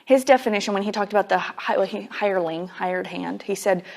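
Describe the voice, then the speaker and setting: A woman's voice: mid-range voice, a little fast, vocal fry. Woman teaching a casual, emphatic sermon. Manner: casual and emphatic, with frequent "like" fillers. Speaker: Bible teacher.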